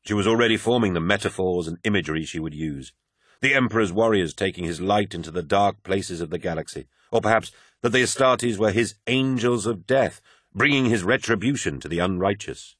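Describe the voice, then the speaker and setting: Deep-voiced male audiobook narrator. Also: fairly quick, a bit bright, dry recording, studio quality. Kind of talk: scripted narration.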